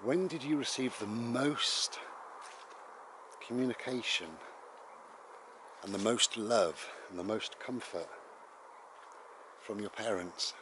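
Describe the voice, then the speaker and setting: A man's voice: on the low side, slow pace, pauses often. A man vlogging a rambling, conversational monologue, full of tag questions. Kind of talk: casual reflective monologue. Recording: noisy home recording.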